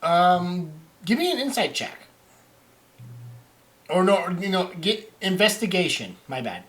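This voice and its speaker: A man narrating as game master over online voice chat, halting and restarting often. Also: high voice, big pitch swings, a bit bright. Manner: halting, many restarts and fillers.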